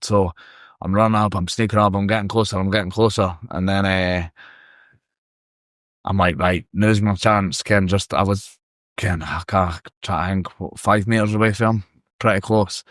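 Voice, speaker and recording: A Scottish man spins a lively, sweary yarn in a casual podcast chat. His voice sits fairly low. The sound is dry and close, with no room echo. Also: moderate pace. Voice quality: sweary, animated storyteller. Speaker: podcast guest. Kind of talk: casual storytelling.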